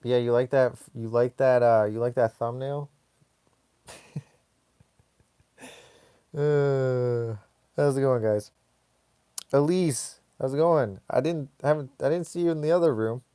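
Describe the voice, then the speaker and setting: Slow, laid-back man chatting on a live stream. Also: mid-range voice, mellow, clean tone, no room sound, studio quality. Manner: rambling, laid-back, reads chat comments aloud. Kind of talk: casual live-stream chat.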